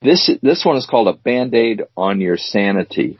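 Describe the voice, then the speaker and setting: A man co-hosting a casual chat show, teasing his co-host and reading word definitions out slowly. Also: medium pitch, animated, breathy edge, no room sound. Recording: dull dry lo-fi recording.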